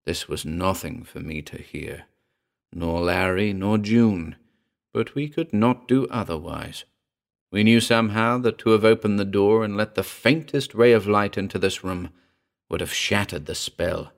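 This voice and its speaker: A man narrating a ghost story in a measured, dramatic reading. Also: fairly low pitch, vocal fry. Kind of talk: scripted audiobook narration.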